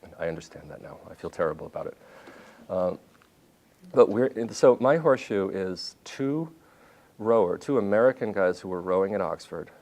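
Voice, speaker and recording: A man in his fifties with a very low, deep voice addresses a university audience as a visiting journalist. He tells his stories in an animated way, often breaking off and restarting his sentences as he goes. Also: moderate pace, gravelly. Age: 50s. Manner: animated storytelling with restarts and self-corrections. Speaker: visiting journalist giving a talk. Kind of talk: lecture with anecdotes. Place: university lecture hall.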